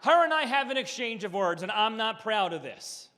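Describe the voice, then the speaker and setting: A man's voice: sits high, big pitch swings, moderate pace, sharp tone, big-room sound, slight background noise. A man performing a stand-up comedy set, telling stories with punchy asides and acting out what people said. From Philadelphia area. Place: country club room, live audience.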